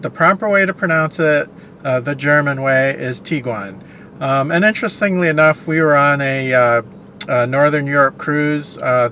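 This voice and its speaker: A man with a slightly high, bright voice and a forceful delivery hosts a casual car review from inside a parked car. He rambles and digresses, filling his speech with ums and uhs, and there's a faint hiss or hum in the background.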